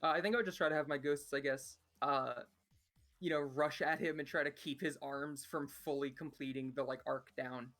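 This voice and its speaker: A man's voice: a little high, steady tone, moderate pace, a bit bright. Male player, casual, hesitant thinking-aloud delivery, faint music underneath. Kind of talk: casual tabletop play.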